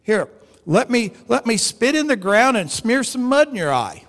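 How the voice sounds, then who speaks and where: Very high-voiced preacher in a reverberant hall. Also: male voice, normal speed. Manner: animated, acts out dialogue in stories. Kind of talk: storytelling sermon.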